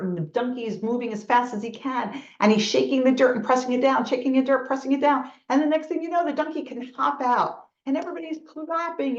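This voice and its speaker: A middle-aged woman from New York with a New York accent, giving a motivational talk and acting out quoted thoughts as she tells stories. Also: on the high side. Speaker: motivational speaker. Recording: echoey room, dull lo-fi sound.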